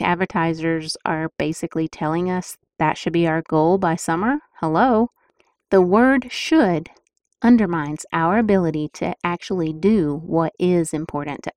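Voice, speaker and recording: A woman's voice: fairly low pitch, darkish tone, dry recording, clean studio sound. A middle-aged woman hosting a podcast, talking in a chatty, emphatic and upbeat way as she gives casual motivational advice. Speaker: podcast host.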